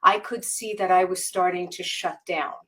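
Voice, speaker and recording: A woman guest on a podcast interview, telling a personal story candidly and haltingly, with many fillers and restarts. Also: on the low side, fairly even intonation, a bit bright. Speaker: guest author.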